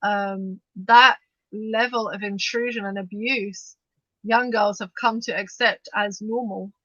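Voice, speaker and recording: A woman co-hosting a podcast, talking fast and animatedly in bursts, with frequent restarts as she discusses the news. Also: medium pitch, steady tone, pushed and bright, dry recording. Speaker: podcast co-host. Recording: dull, dry lo-fi sound.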